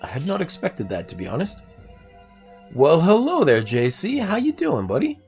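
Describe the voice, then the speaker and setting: A man's voice: a little high, wildly swooping pitch, normal speed. Chatty young man streaming a game. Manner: chatty, asks chat for feedback. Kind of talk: casual livestream gameplay commentary. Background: faint game music.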